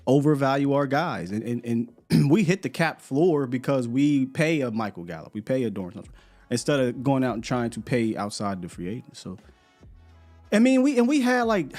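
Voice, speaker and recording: A man's voice: mid-range voice, a little mellow. Laid-back man hosting a sports show. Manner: loose, laughing, repeats words. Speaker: sports podcast host. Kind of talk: casual live-stream chat.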